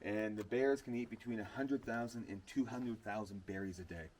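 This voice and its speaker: A man's voice: fairly low pitch, normal speed, darkish tone. A man working as a wildlife tour guide, explaining things to his group and calling them folks. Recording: dull noisy recording with vehicle sounds.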